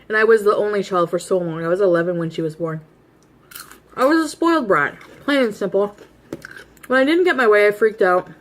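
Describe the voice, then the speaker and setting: A woman's voice: mid-range voice, fairly quick, slight background noise. A woman telling a chatty, confessional story while eating on camera, casual storytime. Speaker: mukbang vlogger.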